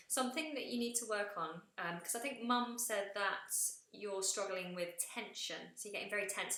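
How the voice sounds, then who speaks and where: In a live feedback session, a vocal coach explains singing technique and now and then breaks into sung demonstrations. Her mid-range voice has a sharp tone, and the room gives a noticeable echo.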